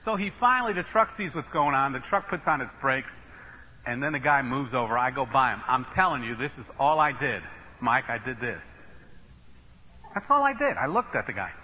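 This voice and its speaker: A middle-aged man from the northeastern United States, a Baptist preacher telling an animated, emphatic story in a sermon with self-mocking humor. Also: medium pitch, brisk, rough recording.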